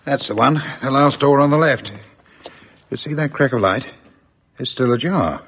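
An actor playing a brisk, matter-of-fact police inspector in a radio drama. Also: male voice, medium pitch, a bit bright, husky. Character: brisk male Scotland Yard inspector. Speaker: police detective.

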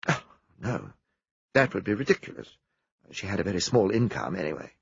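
A man reading an audiobook, voicing a composed young woman who answers in a crisp, matter-of-fact way. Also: low voice, sing-song, brisk, dull audio, a little hiss or hum, exaggerated voice. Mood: guarded.

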